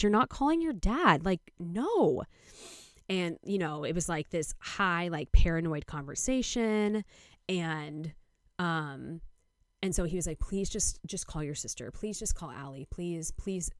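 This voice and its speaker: A woman's voice: fairly low pitch, no room sound, studio quality. A young adult woman hosting a podcast, telling a long story in a rambling way, full of "like" and quoted dialogue. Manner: rambling, heavy use of "like", quoting others. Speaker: podcast host. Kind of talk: casual storytelling monologue.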